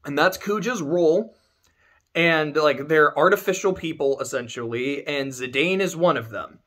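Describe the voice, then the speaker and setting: Animated, profane man ranting about a game. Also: fairly high pitch, moderate pace. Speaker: video game reviewer. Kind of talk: casual rant.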